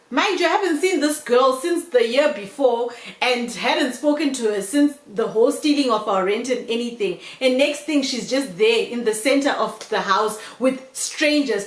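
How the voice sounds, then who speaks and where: A young woman vlogger telling a storytime tale in an animated way, often calling her viewers "guys". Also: a little high. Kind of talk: storytime vlog. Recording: roomy echo.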